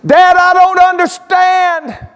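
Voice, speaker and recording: A preacher putting on a resentful older son, voice cracking high. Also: male voice, normal speed, big-room sound. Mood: exasperated. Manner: indignant, pleading complaint. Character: resentful dutiful older son, young man.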